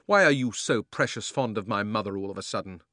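A man's voice: mid-range voice, fast talker, no room sound, studio quality, close to an everyday voice. A man doing an anxious, torn young boy. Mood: defiant. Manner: strained, pleading, bursts out loud.

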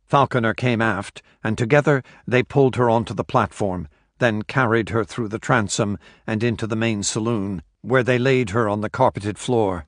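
A man narrating a thriller audiobook in a steady, measured storytelling voice. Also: fairly low pitch, dry recording, studio quality.

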